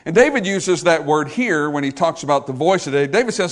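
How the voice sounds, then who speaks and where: Fervent male preacher, high-pitched. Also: expressive, a little fast, hardly any pauses. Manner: rising to emphatic fervor, then dropping soft and low; repeats phrases for emphasis, calls out to congregation. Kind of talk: sermon.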